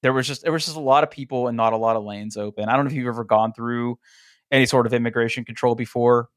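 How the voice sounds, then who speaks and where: A man co-hosting a relaxed podcast, telling an animated story in a medium-pitched voice. He fills his sentences with casual fillers and acts out the dialogue of the people in his story. The recording is dry and close, with no room sound. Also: fast talker, dry recording. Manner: frequent "like" fillers and restarts. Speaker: podcast co-host. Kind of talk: casual chat.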